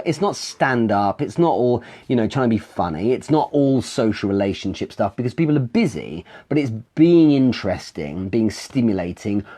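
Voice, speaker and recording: A man's voice: mid-range voice, mellow. A man hosting a live sales Q&A, coaching in a conversational way, explaining with examples and restarting phrases as he goes. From England.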